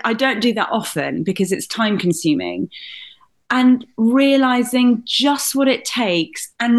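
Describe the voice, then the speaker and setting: A middle-aged woman from Britain, a comedian, telling personal stories in an animated, laughing way. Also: on the high side. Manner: animated, laughing, swears mildly. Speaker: guest comedian and author. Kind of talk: candid storytelling in conversation.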